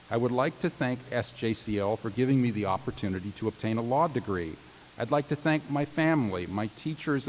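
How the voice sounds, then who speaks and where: A man's voice: medium pitch, a little mellow. A man reading graduates' tributes aloud at a commencement ceremony, formal but with playful joking asides. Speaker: commencement announcer. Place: large commencement hall. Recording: reverberant hall with faint hiss.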